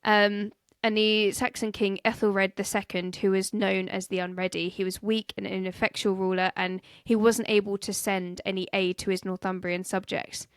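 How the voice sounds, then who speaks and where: Joking woman podcast host, smooth dry voice. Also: mid-range voice, level tone, moderate pace, few pauses, no room sound. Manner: joking, laughing, stumbles over names. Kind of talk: casual history chat.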